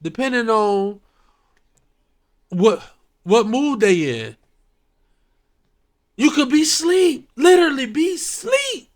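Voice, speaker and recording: Slow-talking laid-back man, lively pitch. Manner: slow laid-back reactions, drawn-out slang. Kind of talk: casual chat.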